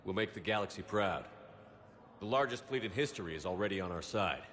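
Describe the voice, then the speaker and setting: An actor playing a military commander who talks in a steady, low-key, matter-of-fact way. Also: male voice, brisk. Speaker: player character, military commander.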